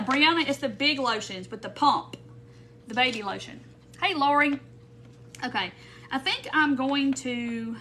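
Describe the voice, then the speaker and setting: A woman's voice: fairly high pitch, pushed and bright, slight background noise. A woman hosting a live craft stream, rambling and thinking aloud as she works and greets viewers by name. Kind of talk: casual craft tutorial chat. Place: home craft room.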